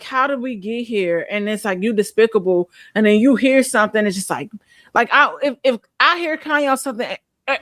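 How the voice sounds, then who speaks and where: A woman's voice: a little high, fairly bright tone, no room sound, clean studio sound. Blunt profane woman co-host. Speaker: podcast co-host. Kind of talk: casual chat.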